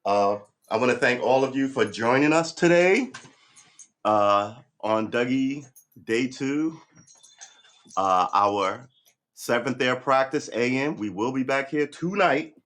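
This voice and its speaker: A man hosting a casual home livestream, relaxed and chatty, often coaxing his dog in a sing-song voice. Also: mid-range voice, slow pace. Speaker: livestream host. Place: home room.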